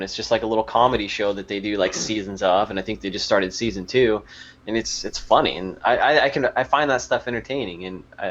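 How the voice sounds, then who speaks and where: A man co-hosting a gaming podcast who rambles and hesitates, piling up "like" and restarts. His voice is somewhat low. The audio is dull and lo-fi. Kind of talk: casual chat.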